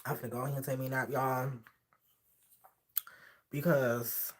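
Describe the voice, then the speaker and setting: A man telling a hookup story on a casual livestream, sassy and animated, acting out the voices of the people he quotes. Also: medium pitch, normal speed, slight background noise.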